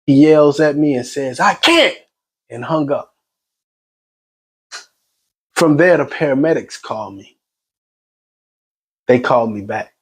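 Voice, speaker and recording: Shaken grieving man, halting retelling. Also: mid-range voice, a little mellow, slightly rough. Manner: agitated, halting retelling with restarts. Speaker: son recounting his mother's death. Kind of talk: personal spoken testimony.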